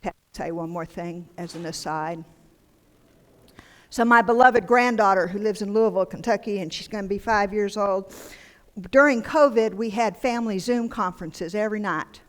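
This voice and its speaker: An older woman preaching a conversational, humorous sermon into a handheld microphone, turning animated and then dropping to near-whispers for emphasis. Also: mid-range voice, normal speed. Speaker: guest preacher. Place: church sanctuary. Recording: long church-hall reverb.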